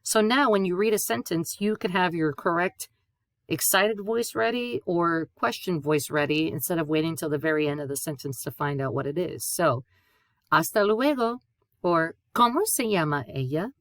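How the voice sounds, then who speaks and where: A woman with a lowish voice teaches a Spanish lesson. She spells out letters and repeats sounds patiently and clearly. The recording is dry and close. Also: moderate pace, no echo. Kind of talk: classroom lesson.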